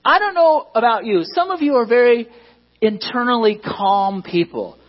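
A man's voice: very high-pitched, lively intonation, moderate pace, dull audio. A man preaching a sermon as pastor, conversational and self-deprecating, often asking the congregation questions.

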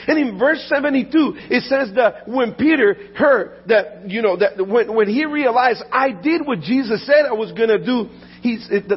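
A man preaching a sermon earnestly, often restarting and repeating words, and dropping soft and low in the painful parts. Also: husky. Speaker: pastor. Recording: dull lo-fi audio with faint mains hum.

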